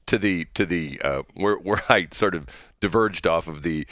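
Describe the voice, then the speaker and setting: A man's voice: low voice, normal speed, fairly bright tone, no room sound, clean studio sound. A man hosting a morning radio show in casual banter, rambling, drifting off track and laughing often.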